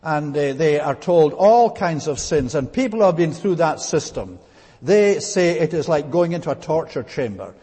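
Husky preacher in a reverberant hall. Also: male voice, a little high, expressive, mellow. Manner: deliberate, teacherly, with frequent "uh" fillers. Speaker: pastor. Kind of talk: expository Bible sermon.

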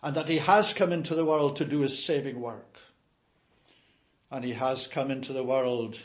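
A man preaching a sermon in a measured, emphatic way, with frequent hesitations and filler sounds. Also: mid-range voice.

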